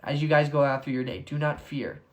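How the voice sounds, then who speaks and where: A young man giving a casual Bible devotional. He is excitable, says "like" constantly, and breaks into bursts of enthusiasm. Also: on the high side, brisk. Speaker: devotional speaker.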